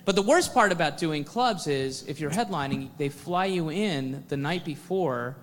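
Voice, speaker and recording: A man's voice: fairly high pitch, lively intonation, normal speed, a little hiss or hum. A man doing a stand-up routine, ranting profanely and laughing at his own lines. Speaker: stand-up comedian. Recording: stand-up clip with long hall reverb.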